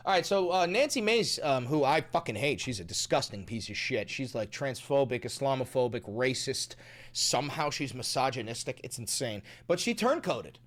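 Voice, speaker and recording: A man giving casual, profane political commentary, swinging from sarcastic muttering to excited outbursts. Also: medium pitch, normal speed.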